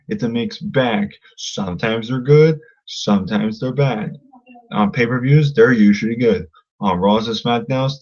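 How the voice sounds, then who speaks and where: A man's voice: mid-range voice, a little mellow, lo-fi sound. A man ranting angrily at a critic, combative and insulting, often repeating himself. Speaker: vlogger. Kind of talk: angry rant to camera.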